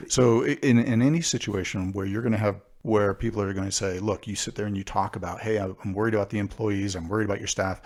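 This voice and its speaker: Gravelly low-voiced podcast co-host. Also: male voice, steady tone, a little mellow. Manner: hesitant questioner, filling pauses with "uh". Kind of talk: casual podcast talk.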